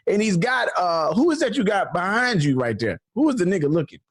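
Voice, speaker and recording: This man speaks high and bounces all over his range, hurling quick insults with loud laughter. He is heard over a video call. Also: very animated, breathy edge. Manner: loud, laughing, trash-talking. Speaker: comedy show host. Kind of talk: live roast banter.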